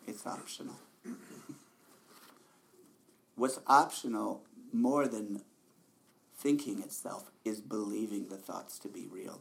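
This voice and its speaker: A man giving a relaxed, conversational dharma talk as a meditation teacher, often laughing softly. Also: on the low side, vocal fry.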